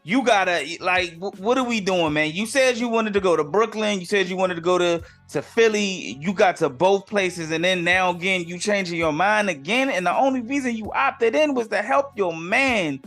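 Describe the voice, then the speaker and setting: A man's voice: high voice, moderate pace, hardly any pauses, a bit bright, faint music behind. A man hosting a sports podcast segment, giving his casual take on the week's news with slang-filled, exasperated asides.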